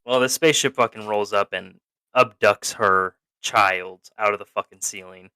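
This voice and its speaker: A man's voice: lowish voice, moderate pace, bright, forceful tone, smooth, dry recording. A man co-hosting a podcast, rambling through a film recap in casual, profane chat, laughing and acting out the characters as he goes.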